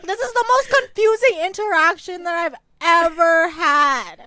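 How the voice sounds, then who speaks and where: A woman's voice: very high voice, unhurried, pushed and bright. A young woman co-hosting a podcast, telling a date story in casual chat, acting out quotes, swearing and laughing often. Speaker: podcast co-host.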